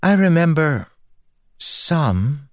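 A man voicing an airy, girlish female spirit who explains things slowly and with wonder. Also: big pitch swings, no echo, studio quality, exaggerated voice. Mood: wistful. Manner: high, wondering, slow explanations.

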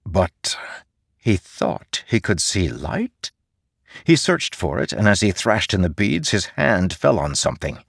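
A male narrator with a deep, low voice reads a fantasy audiobook in a measured, steady way. The sound is dry and close, with no room echo. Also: breathy edge.

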